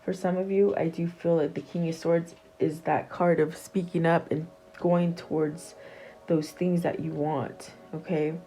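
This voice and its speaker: A woman giving a casual tarot reading straight to her viewers, talking in a soft, meandering way with plenty of fillers and restarts. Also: low voice, level tone, unhurried, low-quality recording. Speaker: tarot reader.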